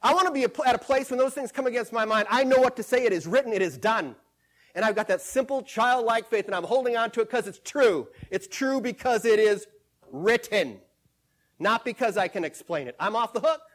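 A man preaching a sermon in a high, light voice. He stresses and repeats scripture phrases, dropping to a hush and then rising loud again. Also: fast talker, few pauses. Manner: emphatic, repeats scripture phrases, swings between hushed and loud.

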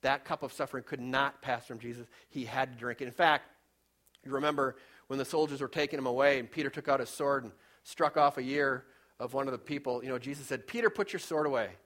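A man's voice: mid-range voice, level tone, fairly quick. Male preacher, fervent storyteller, mid-range voice, dynamic swings in volume for emphasis. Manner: storytelling, rises and drops in loudness for emphasis. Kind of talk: sermon.

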